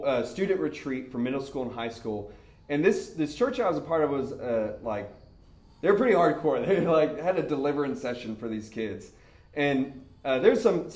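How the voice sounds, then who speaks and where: A young man preaching in a casual storytelling way, animated and laughing as he acts out the people in his story. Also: medium pitch. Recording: echoey room.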